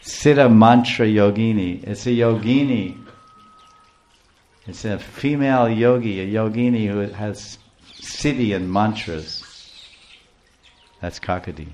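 Male spiritual teacher, fairly low voice, playful and lively devotional storyteller who laughs often. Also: slow pace, pauses often, slight background noise.

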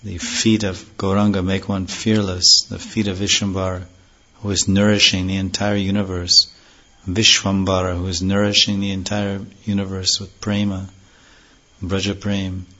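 A man giving a devotional scripture lecture, slowly chanting verses and then explaining them earnestly, on a dull lo-fi recording. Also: deep voice, monotone, sharp tone. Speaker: spiritual teacher.

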